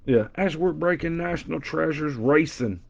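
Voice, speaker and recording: A man's voice: a little high, normal speed, gravelly. Joking Southern man with a twang. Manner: joking, animated banter with chat, loud impressions. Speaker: card breaker. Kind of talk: casual live card-break chat. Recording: dull lo-fi stream audio.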